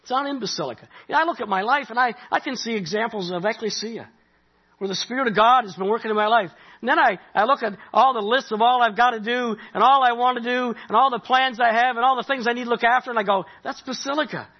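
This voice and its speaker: A middle-aged pastor from Nova Scotia, Canada, preaches a sermon in a loose, conversational style, talking fast in a high, husky voice. He climbs to animated peaks, then falls back to quiet asides, and the recording sounds dull and lo-fi.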